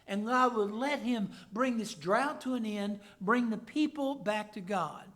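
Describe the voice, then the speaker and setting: A man, a pastor, preaching a sermon and reading scripture aloud, swinging between loud declaring and hushed asides. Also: sits high, unhurried.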